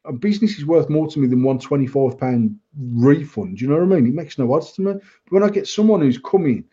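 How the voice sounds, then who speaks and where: Blunt sweary man, dark husky voice. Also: a little high, lively intonation, quick pace, lo-fi sound. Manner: blunt, sweary, laughs often. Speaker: vape shop owner and podcast host. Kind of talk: casual podcast chat.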